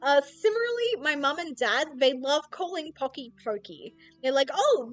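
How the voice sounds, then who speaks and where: A young woman chats casually on stream. Her voice sits a little high, and she rambles through stories, slipping into mock quotes as she goes. Faint music plays quietly underneath. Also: lively intonation, fairly quick. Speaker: VTuber streamer. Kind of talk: casual chat.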